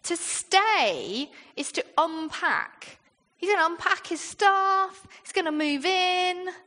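A British woman with a high, light voice gives a sermon in a chatty, down-to-earth way, turning to the congregation with rhetorical questions. Her voice rings out with a long reverb, as in a large church hall. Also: lively intonation, slow pace, sharp tone. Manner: conversational, with frequent rhetorical questions. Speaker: preacher.

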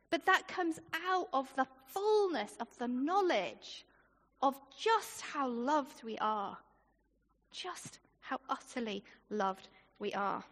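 A woman preaching a sermon in a church, chatty and animated, with informal asides. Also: high-pitched, measured pace. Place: church hall. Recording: long hall reverb.

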